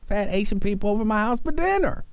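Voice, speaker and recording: A man hosting a radio talk show, bantering and arguing in a mock-serious, animated way. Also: high voice, quick pace, vocal fry, clean tone, no echo.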